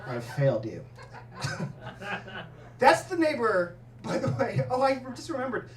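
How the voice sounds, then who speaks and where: A man doing a stand-up set, telling stories in an animated way and laughing at his own jokes in a comedy club. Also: very high voice, unhurried, a little hiss or hum. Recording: roomy club sound, mic at a distance, audience laughter.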